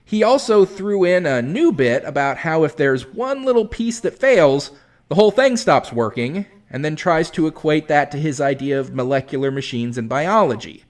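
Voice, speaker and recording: Animated, sarcastic male commentator. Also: on the high side, moderate pace. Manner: sarcastic, exasperated, lecturing. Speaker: commentary video host. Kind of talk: critical commentary on a clip.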